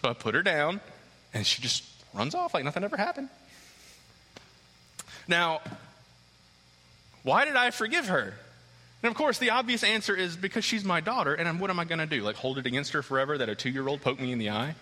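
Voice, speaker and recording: Animated pastor man, bright sharp voice. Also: fairly high pitch, brisk, pauses often. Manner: animated storyteller who acts out scenes. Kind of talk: sermon with a personal story. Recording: long hall reverb.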